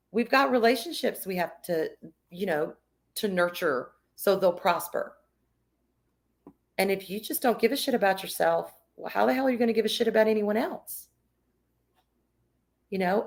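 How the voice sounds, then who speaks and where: An expressive woman chats on her livestream, candid and emphatic, mixing blunt swearing with warm reassurance. Her delivery swings between punchy emphasis and quieter, reflective stretches. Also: medium pitch. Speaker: streamer reading chat. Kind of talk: casual livestream chat.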